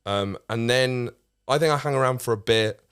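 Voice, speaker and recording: A man's voice: medium pitch, moderate pace, a bit bright, clean tone, no echo, clean studio sound. A man, a comedian guest telling a rambling story in casual chat, with many restarts and casual swearing.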